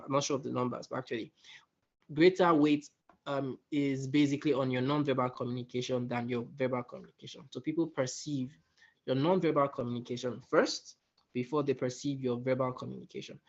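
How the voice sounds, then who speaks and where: A man teaching a soft-skills workshop in a conversational way, often checking in with his listeners. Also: mid-range voice, muffled recording. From West Africa. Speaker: workshop facilitator.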